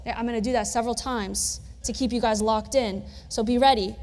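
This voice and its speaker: Young woman preaching casually, high voice, long church echo. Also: a little fast. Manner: casual, conversational storytelling with humor. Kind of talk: sermon.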